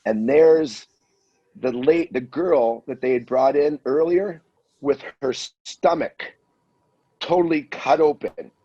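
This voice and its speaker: A husky middle-pitched man tells a rollicking story with lots of energy. He jumps into other people's voices as he goes, and the dull, lo-fi audio flattens the sound. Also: slow. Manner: animated storyteller, acts out voices. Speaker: guest storyteller. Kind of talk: casual anecdote telling.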